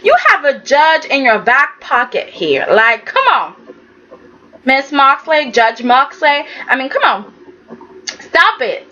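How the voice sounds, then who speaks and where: Bright, high-voiced woman recapping a soap. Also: slow, muffled recording. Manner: animated, talks straight at the characters. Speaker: soap opera recap vlogger. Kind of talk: casual recap commentary.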